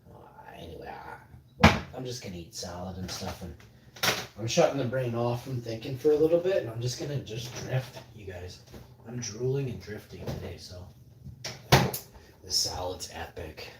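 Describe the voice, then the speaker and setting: A man's voice: mid-range voice, lively intonation, moderate pace, echoey room, very noisy. A man from Canada, rambling drowsily on a casual live stream at home, trailing off into mumbles and half-whispers.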